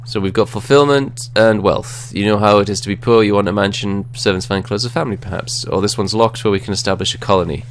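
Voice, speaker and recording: A man with a fairly low voice chats casually over a video game and reads its menus and story text aloud. Faint background noise from a home setting sits under the voice. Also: fast talker, hardly any pauses. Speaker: co-host playing a game. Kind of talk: casual gaming chat.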